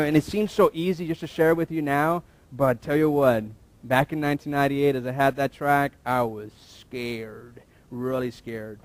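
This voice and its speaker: A man in his thirties, a pastor, giving a relaxed conversational sermon, telling a personal story with fillers and restarts and posing rhetorical questions to the congregation. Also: mid-range voice, dry recording. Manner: self-deprecating, asks listeners rhetorical questions.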